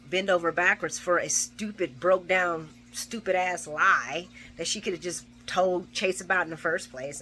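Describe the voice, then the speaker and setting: Bright-voiced woman recapping a soap. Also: sits low, a little hiss or hum. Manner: animated, swears freely, acts out characters' lines. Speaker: soap opera recap vlogger. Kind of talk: casual spoken recap.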